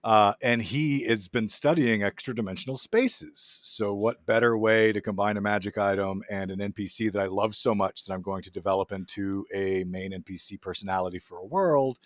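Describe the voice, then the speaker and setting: A man with a very low voice talks through his ideas eagerly, filling pauses with ums and uhs. The audio sounds slightly dull and is dry, with no room echo. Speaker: podcast guest, adventure designer. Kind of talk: casual explanation.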